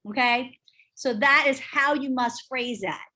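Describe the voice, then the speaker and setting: Brisk, emphatic woman teaching a class. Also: high voice, pushed and bright. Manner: brisk, emphatic, chatty, asks the group questions. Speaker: real estate instructor. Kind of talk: casual teaching talk to a class.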